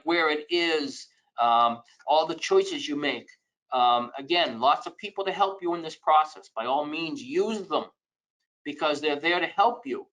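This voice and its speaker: A man's voice: a little high, a bit bright, low-quality recording. A man presenting a financial webinar in a conversational lecture style, giving emphatic advice with frequent asides.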